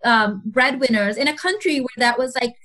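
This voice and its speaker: A woman speaking as a guest mentor on a podcast, her voice sitting high. She talks in an animated way, slipping into quoted voices and laughing often. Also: moderate pace. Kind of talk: podcast interview.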